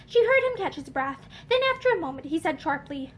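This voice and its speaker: Animated woman reading a novel aloud. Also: very high voice, fairly quick. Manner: expressive, animated narration. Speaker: audiobook reader.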